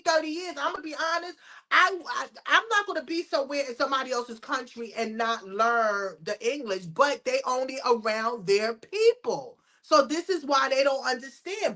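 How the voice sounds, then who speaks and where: A woman's voice: sits high, bright, forceful tone. A woman hosting a casual chat show, talking bluntly and emphatically and laughing often. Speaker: host.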